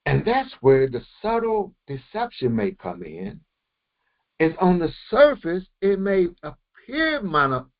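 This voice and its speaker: A man gives a verse-by-verse Quran commentary lesson, stopping often to repeat himself and to quote Arabic terms. His slightly high voice swings up and down with animated pitch. The recording sounds dull and lo-fi. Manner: explains slowly with repetitions and Arabic quotations. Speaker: Quran teacher.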